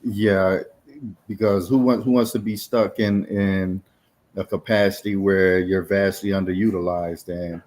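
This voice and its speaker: A man's voice: low voice, fairly even intonation, a little slow, a little mellow. A man co-hosting a casual tech podcast, talking in a thoughtful, musing way. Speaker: podcast co-host. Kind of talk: casual chat.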